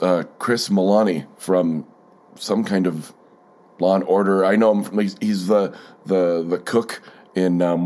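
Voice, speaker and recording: This podcast host speaks low and a bit mellow, rambling alone through a sarcastic story laced with profanity and filler words. A cold has him congested, and he blows his nose repeatedly.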